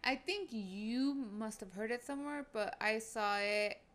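A woman's voice: a little high, expressive, measured pace, fairly bright tone. A woman chatting casually about a true-crime case, matter-of-fact with brief affirmations.

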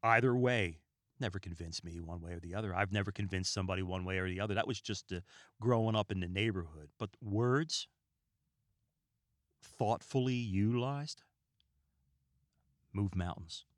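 Male podcast host, low voice, dry close sound, relaxed rambling monologue, stumbles over words. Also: normal speed, pauses often, no echo. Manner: calm and relaxed. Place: small room lined with books.

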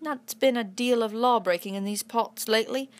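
A woman reads from a storybook at a moderate pace, portraying a blunt, obstinate middle-aged farmer who is a father. She uses her natural voice, making the character stern, rumbling, and defiant.

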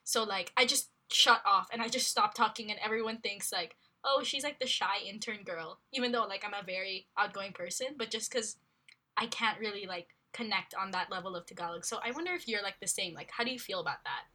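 A woman's voice: mid-range voice, brisk, sharp tone. A young woman from the Philippines, co-hosting a casual podcast and chatting with eager agreement. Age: young adult. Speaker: podcast co-host. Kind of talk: casual chat.

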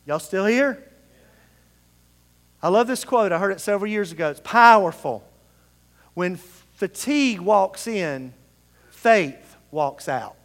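A man's voice: high voice, lively intonation, takes it slowly, pauses often. A male pastor preaching a sermon, leading the congregation in reading scripture aloud together. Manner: leads the congregation in call-and-response scripture reading. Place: church sanctuary. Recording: long reverb of a large hall.

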